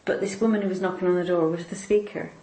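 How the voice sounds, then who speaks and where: Woman, interviewee, emotional, halting and repetitive, lowish voice, echoey room. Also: steady tone, warm tone. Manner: halting, repeats words, tearful at moments. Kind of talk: personal faith testimony. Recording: roomy echo.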